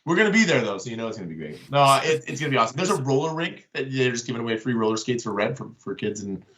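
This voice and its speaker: A man's voice: mid-range voice, big pitch swings, rapid-fire, fairly bright tone. A man in a band, guesting on a casual podcast, joking and teasing with the hosts. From Canada. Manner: joking, teasing, laughs often. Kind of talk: casual chat.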